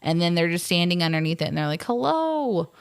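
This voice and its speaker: A woman's voice: lowish voice, level tone, racing, clean tone, no echo, clean studio sound. A woman co-hosting a film podcast, chatty and rambling as she retells scenes with lots of fillers. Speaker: podcast co-host. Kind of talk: casual movie recap.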